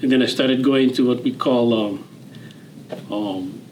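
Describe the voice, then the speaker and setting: Man, around 60, Hawaiian Pidgin-tinged accent, average pitch, easygoing interview storyteller with a slight hiss behind. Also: measured pace, low-quality recording. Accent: Hawaiian Pidgin-tinged English. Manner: relaxed, rambling, frequent fillers and restarts, chuckles. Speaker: interview guest, retired general.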